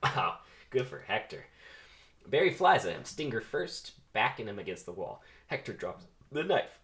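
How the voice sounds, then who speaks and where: A man's voice: on the low side, very animated, moderate pace, fairly bright tone. A man doing a comedic read-through of a film script, narrating the action with playful, self-mocking asides. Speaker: amateur script reader.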